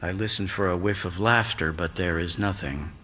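An older man reading a literary story aloud in a quiet, reflective narrating voice. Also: sits low, moderate pace. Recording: long hall reverb.

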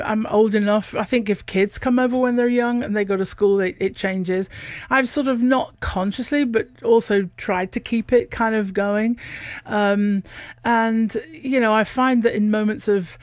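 A woman's voice: mid-range voice, a little mellow, no echo. A middle-aged woman from Lincoln with a northern English accent, chatting as a guest on a radio show and laughing often. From Lincoln, England. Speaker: guest, opera soprano. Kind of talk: casual radio interview chat. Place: radio studio.

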